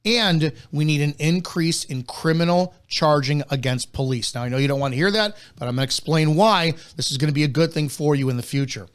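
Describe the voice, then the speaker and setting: A man's voice: on the high side, a little fast, few pauses, clean tone. Blunt, repetitive male live-show host. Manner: blunt, emphatic, repeats key points, swears; stumbles and restarts often. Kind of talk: live commentary to officers.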